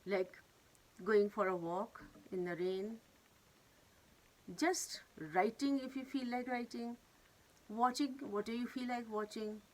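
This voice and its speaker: A woman telling a moral fable in an earnest, gently instructive way. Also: on the high side, poor audio. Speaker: storyteller of wisdom talks. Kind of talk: moral storytelling.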